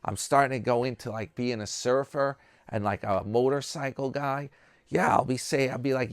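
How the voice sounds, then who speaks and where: A man's voice: medium pitch, fairly even intonation, normal speed, clear, resonant tone, no echo, studio quality. A man from New York talking casually to his subscribers, rambling and mocking himself. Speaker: vlogger host. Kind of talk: casual chat.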